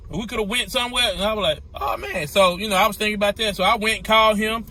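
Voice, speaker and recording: A man, an owner-operator truck driver, telling a story in a casual vlog with animated, repetitive exclamations. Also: high-pitched, fast.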